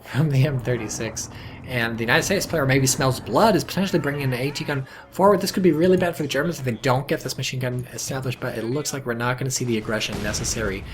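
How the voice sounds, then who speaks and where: A man casually casting a strategy game match, chatty and sardonic, with sudden excited outbursts. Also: mid-range voice, fast talker. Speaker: game commentator. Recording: noticeable background noise.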